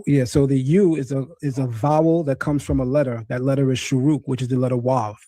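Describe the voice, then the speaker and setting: A man hosts a livestreamed debate on Hebrew pronunciation through a screen-sharing stream setup, insistently correcting his guest. His medium-pitched voice is steady and dark, a little fast, with no echo.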